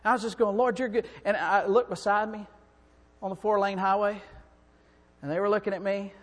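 A very high-voiced man preaches a sermon, sliding from low, quiet talk into fervent, shouting peaks. His voice rings with the long reverb of a church hall. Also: flat delivery, a little fast. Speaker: preacher and song director.

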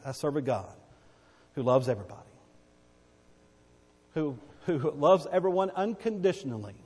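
A man preaching a sermon, emphatic and repetitive, rising to loud cries and dropping to quiet asides. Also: mid-range voice, big-room sound.

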